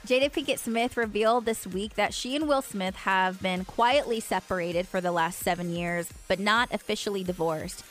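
A woman co-hosting a morning radio show, reading local news stories in a clear newsreader delivery with chatty asides. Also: medium pitch, moderate pace, hardly any pauses, soft background music.

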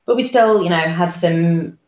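Low-voiced woman telling a personal story. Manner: halting, many fillers and restarts; soft-spoken, trying to hold it together. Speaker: guest. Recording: roomy, dull lo-fi sound.

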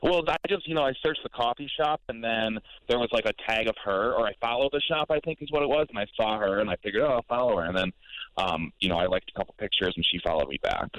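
A man's voice: fairly low pitch, animated, fast, a bit bright, dry recording, muffled recording. A young man calling in to a radio show, talking in a hesitant, rambling way full of fillers. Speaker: caller. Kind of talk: casual radio call.

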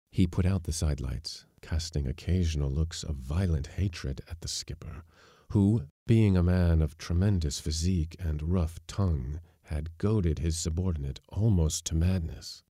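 A man narrating a short story in a steady, measured reading for a podcast. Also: a bass voice, no room sound, clean studio sound. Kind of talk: scripted audiobook narration.

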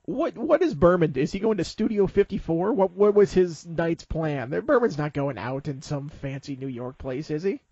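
A man's voice: fairly high pitch, animated, normal speed, hardly any pauses, mellow, dry recording, lo-fi sound. Teasing male podcast host. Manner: teasing, conversational. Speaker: podcast host, football beat writer. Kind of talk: casual podcast chat.

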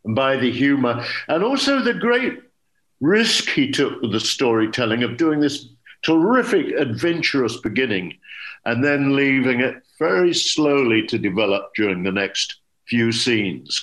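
An older man, an English actor, telling anecdotes in a relaxed interview and acting out quoted dialogue. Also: medium pitch, moderate pace. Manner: lively storyteller, acts out quoted dialogue. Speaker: actor guest.

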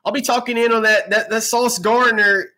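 A man's voice: very high-pitched, steady tone, normal speed, bright, forceful tone. A man co-hosting a casual sports podcast, joking around with frequent restarts. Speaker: podcast co-host.

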